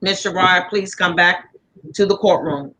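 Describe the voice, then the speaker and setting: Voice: medium pitch, measured pace, bright, forceful tone, low-quality recording. A speaker acting as the judge in a mock trial, giving formal procedural instructions over a video call.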